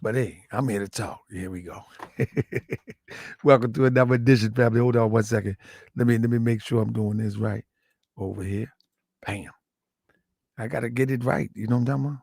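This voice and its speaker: A slightly hoarse man hosting a livestream, talking casually and muttering asides as he sets things up. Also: medium pitch, steady tone, fairly quick, long pauses, darkish tone, no echo, studio quality. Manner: chatty, repetitive, muttering asides while setting up. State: slightly hoarse, lost some voice. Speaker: livestream host.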